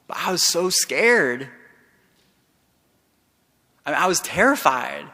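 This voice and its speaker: A man delivers a keynote talk in a large hall, and the long reverb trails his voice. He speaks with a bright, forceful tone that sits a little high for a man. His storytelling is impassioned, swinging between hushed passages and loud ones. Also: animated, unhurried, vocal fry, long pauses.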